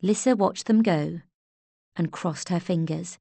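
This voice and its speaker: Woman narrator with gravelly voice. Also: lowish voice, a little slow, mellow, no echo. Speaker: audiobook narrator. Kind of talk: scripted narration.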